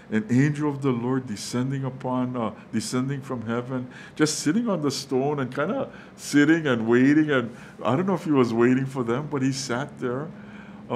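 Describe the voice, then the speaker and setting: A man's voice: mid-range voice, a little hiss or hum. A male pastor preaching a sermon, hesitant, with many fillers and restarts, calling his listeners guys. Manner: quotes the angel in a hushed, reassuring voice.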